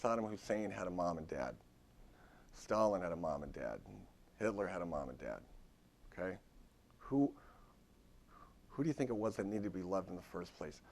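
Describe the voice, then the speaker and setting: A man's voice: low voice, big pitch swings, normal speed, pauses often, darkish tone. A man who is a therapist gives an informal workshop talk in a university lecture room. He speaks conversationally and often restarts his sentences.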